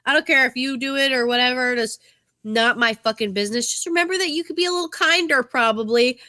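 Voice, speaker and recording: A woman's voice: sits high, fast talker, bright, forceful tone, no room sound, studio quality. A woman from New England co-hosting a podcast, telling candid stories and swearing casually. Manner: candid, swearing, chatty storyteller. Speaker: podcast co-host.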